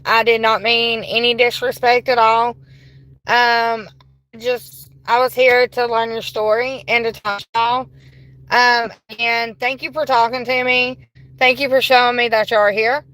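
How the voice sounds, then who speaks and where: Woman streaming a ghost hunt from her car phone, bright and a bit high, polite then gushing. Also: no echo, low-quality recording. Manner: polite to spirits, bursts of excited squealing. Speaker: paranormal livestreamer. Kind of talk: livestream ghost investigation. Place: inside a car.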